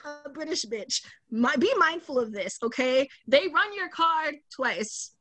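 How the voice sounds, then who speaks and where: A woman in her twenties, a podcast guest, telling a story in casual chat, animated and slangy, acting out the voices she quotes. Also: high voice, unhurried.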